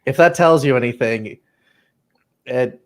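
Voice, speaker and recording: A man's voice: mid-range voice, measured pace. A man in his twenties, a graduate student guest, joking in laid-back casual chat over a video call.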